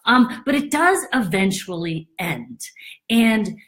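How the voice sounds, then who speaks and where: A woman realtor talking casually to camera, acting out quoted worries in a higher voice. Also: slow. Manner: animated, acts out quoted thoughts in a high voice. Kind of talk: casual explainer monologue.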